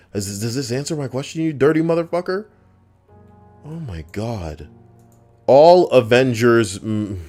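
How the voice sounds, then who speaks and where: A man's voice: lowish voice, darkish tone. A young man streaming casually, teasing and arguing with plenty of swearing. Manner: profane, teasing, argumentative. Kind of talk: casual live-stream chat.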